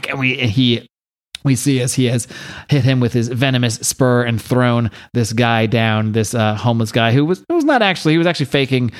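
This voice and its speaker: A man's voice: mid-range voice, a little fast. Male podcast co-host, chatty and giggly, with a mid-range voice. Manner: chatty, laughs often while summarizing. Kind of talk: casual comic-book podcast chat.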